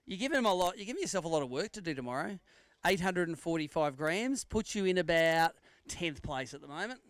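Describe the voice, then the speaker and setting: A man's voice: on the high side, animated, a little fast, fairly bright tone, dry recording. Australian man emceeing a weigh-in. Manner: jokey banter with anglers, announcing weights and standings. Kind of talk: live weigh-in commentary.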